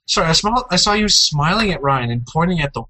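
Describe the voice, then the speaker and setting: Young male co-host, bright and dry-sounding, playful jokey delivery, casual gaming chat. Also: lively intonation, fast, no echo, low-quality recording. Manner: jokey, jumps into playful high-pitched outbursts.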